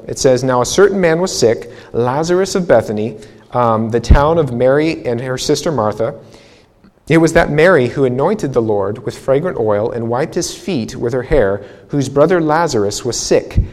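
Guy preaching a bible seminar, mid pitch, chatty, restarts a lot, lots of hall reverb. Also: lively intonation, moderate pace, darkish tone. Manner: conversational preaching with repetitions and restarts.

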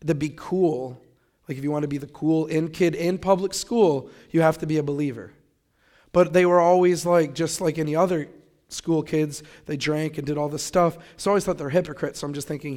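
A young man from Grand Rapids tells the story of how he came to faith. His voice sits a little high for a man. He keeps it casual and lively, slipping into his own remembered thoughts as if replaying them. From Grand Rapids, Michigan. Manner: conversational, animated retelling with quoted inner thoughts. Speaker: testimony speaker. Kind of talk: personal testimony storytelling.

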